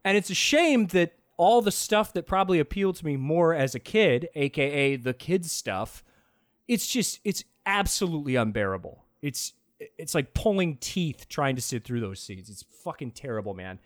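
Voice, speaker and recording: A man in casual film-review chat who talks in an animated way, swears freely and laughs often. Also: fairly high pitch, normal speed, no echo, studio quality.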